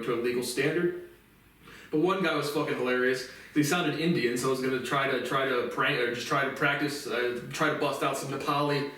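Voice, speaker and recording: A man's voice: mid-range voice, a bit bright. A man talking alone on his show in a casual, rambling monologue, blunt and full of swearing. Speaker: podcast host. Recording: echoey room, mic at a distance.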